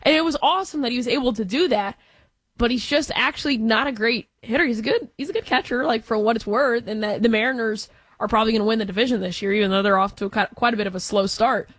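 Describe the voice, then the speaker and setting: A young woman co-hosting a sports talk show, giving quick, opinionated takes with easy laughs. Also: a little high, fairly bright tone, no room sound.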